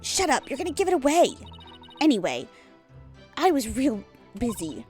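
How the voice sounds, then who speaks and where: A woman voicing a brash, sharp-tongued young female magician who talks in a snappy, defiant, rude way. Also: fairly high pitch, expressive, moderate pace, faint music behind. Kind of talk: reading a game aloud with voices.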